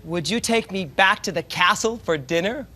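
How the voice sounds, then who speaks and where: A woman playing an eager, pushy male frog in a well in a live children's show, breaking into croaks and ribbits mid-sentence. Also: mid-range voice, lively intonation, moderate pace, pushed and bright. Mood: pleading.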